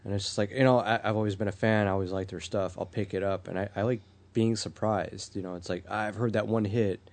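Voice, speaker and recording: A man with a low voice talks quickly on a group podcast. He hesitates and stumbles over repeated words. His speech stays casual and loose. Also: fairly even intonation, darkish tone. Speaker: podcast co-host. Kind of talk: casual chat.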